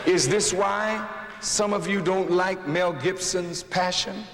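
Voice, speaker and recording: A man delivering a fiery sermon-style speech to a live arena audience. He preaches in a rolling cadence that sinks to hushed passages and rises to shouted peaks. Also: high voice, slow, gravelly. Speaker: minister addressing a rally. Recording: echoey arena recording with faint noise.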